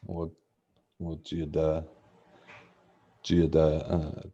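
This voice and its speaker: A man's voice: a bass voice, monotone, very slow, dark tone, muffled recording. A man, a student in a video-call language lesson, hesitant and searching for words.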